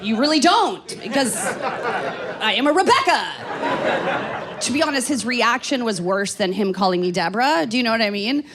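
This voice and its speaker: A woman in her forties from Canada works a stand-up set into a handheld stage microphone, her voice sitting a touch high. She talks in a loose, rambling way, full of fillers and dry self-mocking asides. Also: animated, normal speed, a loud crowd, heavy background noise. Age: 40s. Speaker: stand-up comedian. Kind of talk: stand-up comedy.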